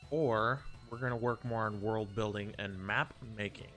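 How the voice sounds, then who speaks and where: A man's voice: on the low side, normal speed, a bit bright. Male streamer, casual live chat, rambling and self-interrupting, faint guitar music underneath. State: a bit out of breath.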